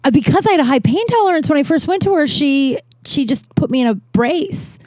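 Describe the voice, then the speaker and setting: A woman's voice: sits high, expressive, brisk, a little mellow, no room sound. A woman comedian in her thirties hosting her own podcast, telling personal stories in a rambling, candid, self-deprecating way and swearing freely. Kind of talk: casual storytelling monologue.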